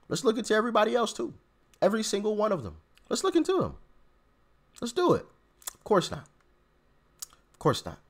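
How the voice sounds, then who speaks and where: A man's voice: high-pitched, fairly bright tone. A man hosting a political commentary channel, ranting sarcastically and stammering as he repeats himself.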